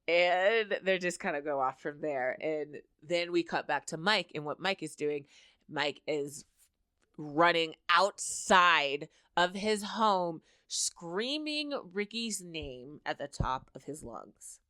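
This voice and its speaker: A woman's voice: lowish voice, expressive, slow, pushed and bright, clear, resonant tone, no echo, clean studio sound. A young adult woman casually recapping a TV episode, chatty and full of fillers, with laughing asides. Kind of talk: casual chat.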